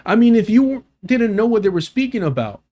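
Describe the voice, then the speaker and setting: A man's voice: high-pitched, sing-song, fairly quick, dark tone. A man giving heated, profane commentary while reacting to a debate clip on a live stream.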